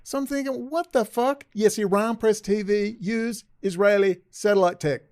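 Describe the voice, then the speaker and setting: A man with a fairly high-pitched voice rambles through a story on his own video. He swears freely and sounds agitated, and he wanders from one tangent to the next as he talks close to the mic. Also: moderate pace, darkish tone, smooth. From Australia. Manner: profane, agitated, digressive. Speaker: vlogger.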